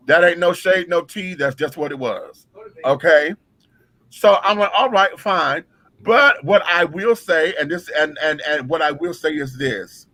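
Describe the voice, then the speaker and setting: A man with a bright, forceful voice tells a backstage story with dramatic flair and a lot of profanity. He speaks with features. His pitch sits a little high for a man. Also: no echo, low-quality recording. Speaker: drag performer telling a story. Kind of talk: casual storytelling chat.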